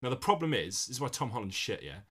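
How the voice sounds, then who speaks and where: Bright-voiced man riffing playfully. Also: very animated, quick pace, breathy edge. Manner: rambling, mimics film characters with big pitch jumps. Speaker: podcast co-host. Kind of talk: casual comedic chat.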